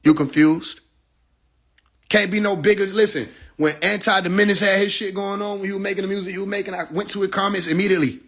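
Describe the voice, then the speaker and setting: Brash, profane man ranting with a husky voice. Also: sits high, steady tone, fast talker, a bit bright. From Atlanta. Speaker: livestream host. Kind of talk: casual livestream rant. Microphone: phone.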